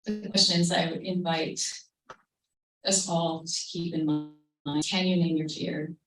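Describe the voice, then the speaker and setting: A woman with a lowish, fairly level voice tells a gentle, reflective story to a live audience at a creative talk. Her voice carries the echo of a roomy hall and sounds a little distant from the microphone, as a livestream of the event would capture it. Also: steady tone, takes it slowly, a little hiss or hum.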